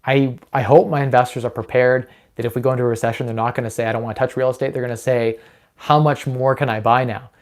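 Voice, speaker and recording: Fast-talking young man on a live Q&A. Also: medium pitch, steady tone. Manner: upbeat, quick and persuasive, with many fillers and restarts. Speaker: host of a live Q&A on personal finance. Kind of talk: casual live-stream Q&A.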